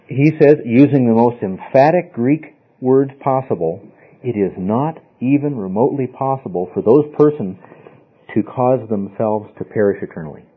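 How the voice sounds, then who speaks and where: A husky-voiced man leads a Bible study class, stressing his points and checking in with his students. His voice sits at a middle pitch. The recording is dull and lo-fi. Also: normal speed. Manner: emphatic, asks the class questions often. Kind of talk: informal classroom teaching.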